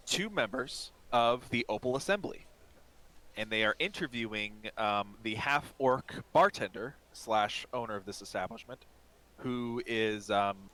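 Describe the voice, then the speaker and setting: A male game master narrating a tabletop session in a lowish, bright voice that keeps moving with scattered fillers and restarts. His delivery is casual and meandering. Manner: rambling, heavy on fillers.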